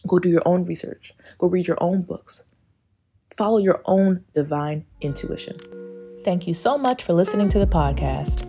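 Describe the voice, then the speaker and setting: A woman's voice: lowish voice, moderate pace, mellow, faint music behind. A woman hosting a casual spiritual podcast, talking emphatically with plenty of swearing and often breaking into song lyrics. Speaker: podcast host.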